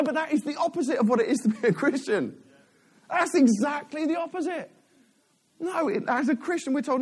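A middle-aged man delivers a sermon in a lively, talkative way. His voice sits a bit high for a man and swings widely in pitch, and he often stops and restarts mid-thought. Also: moderate pace, slightly rough. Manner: animated, chatty, self-interrupting with laughs. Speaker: preacher.

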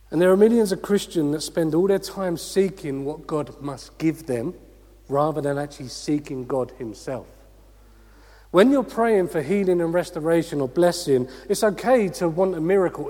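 A man delivering an energetic sermon in a fairly high voice. He preaches with rhetorical questions and calls out to the congregation. His voice rings through a large church hall with a long reverb tail.

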